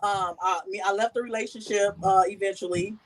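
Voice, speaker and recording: A woman sharing a personal story in casual talk, animated and acting out the voices she quotes. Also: mid-range voice, fairly quick, a little hiss or hum, rough recording. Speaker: guest.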